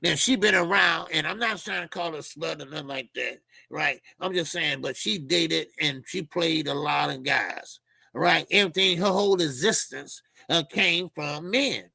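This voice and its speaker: A man's voice: a little high, normal speed, vocal fry, pushed and bright, no echo. A middle-aged man hosting a boxing talk channel, ranting casually and profanely, often mimicking people in a mocking voice. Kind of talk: casual commentary monologue.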